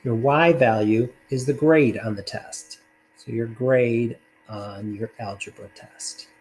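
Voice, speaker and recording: A man's voice: medium pitch, slow pace, darkish tone, faint music behind, rough recording. A man teaching a recorded math lesson, talking casually through worked problems with fillers along the way.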